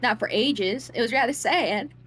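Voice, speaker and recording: An eerily offhand female gravedigger from a horror visual novel, sounding reasonable and strangely empty as she explains herself, read out by a woman streamer. Her voice sits fairly high and light, with faint game music behind her. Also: normal speed, fairly bright tone, natural voice. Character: offhand cheerful female gravedigger, calmly burying a friend.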